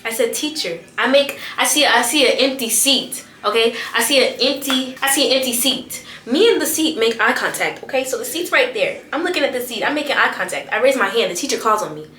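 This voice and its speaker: A young woman telling a personal story in an animated storytime vlog, slangy and expressive, laughing often and repeating lines for emphasis. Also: a little high, fairly quick, hardly any pauses, slight background noise. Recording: echoey room with faint background music.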